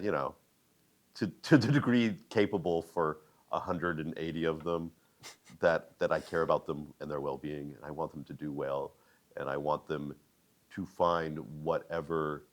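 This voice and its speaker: A man's voice: a bass voice, steady tone, normal speed. A male teacher answering interview questions thoughtfully, with wry, self-deprecating humor.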